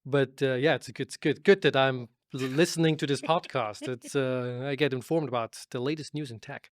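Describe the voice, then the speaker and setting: A man co-hosting a casual tech podcast, telling animated stories full of quoted asides. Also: mid-range voice, brisk, dry recording, studio quality. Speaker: podcast co-host. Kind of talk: casual chat.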